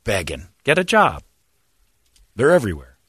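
A man's voice: mid-range voice, wildly swooping pitch, normal speed, fairly bright tone, slightly rough, no room sound, clean studio sound. A man hosting a casual radio talk show, blunt and opinionated, laughing often. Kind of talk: casual banter on air.

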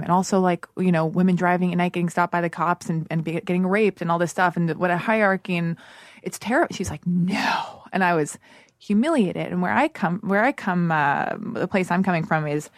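A woman's voice: fairly low pitch, dry recording, clean studio sound. Candid, swearing woman podcast host. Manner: candid, emotional, swearing, many restarts. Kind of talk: casual podcast conversation. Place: Los Angeles.

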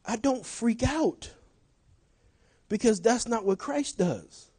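A middle-aged man preaching a sermon, swinging from shouted lines to quiet asides and laughing often. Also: extremely high pitch, lively intonation, slow pace, breathy edge.

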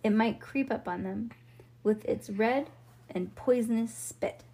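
A woman's voice: a little high, unhurried, mellow. A woman reading a children's book aloud in a casual way, with slips and little asides. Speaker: reader.

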